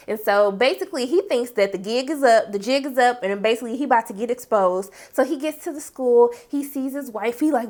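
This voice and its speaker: Animated slangy woman recapping a show. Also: on the high side, a little fast, hardly any pauses. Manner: animated, slangy, acts out characters' lines. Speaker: TV review host. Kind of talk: casual recap commentary.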